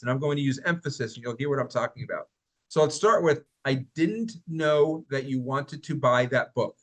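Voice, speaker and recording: A man presenting a workplace training workshop in a conversational way, often asking his listeners questions. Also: a little high. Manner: conversational, asks the audience questions. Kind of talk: recorded training talk.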